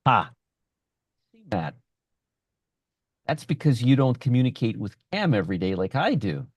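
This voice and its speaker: Male trading host, live-stream teacher, cocky and sarcastic, mid-pitched voice, recorded dry and close. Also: big pitch swings, moderate pace, dry recording. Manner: brash, sarcastic, answers chat by name. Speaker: options trading instructor.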